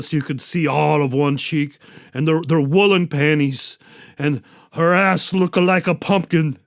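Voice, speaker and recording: A man with a fairly high speaking voice runs a loose, swearing-heavy recap of a film's plot. He rambles casually from one scene to the next as the show's host. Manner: rambling, profane storytelling. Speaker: podcast host.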